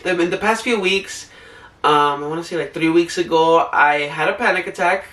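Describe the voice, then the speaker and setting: A man's voice: fairly high pitch, normal speed, bright, forceful tone, reverberant, recorded from a distance. A young man vlogging about coping, talking in an earnest, rambling way with many "like" fillers. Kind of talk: casual heartfelt advice talk.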